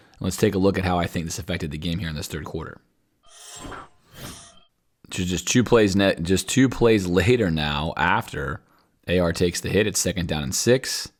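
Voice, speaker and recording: A man hosting a podcast, talking viewers through football game film in a conversational, analytical way. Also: sits low. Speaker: podcast host.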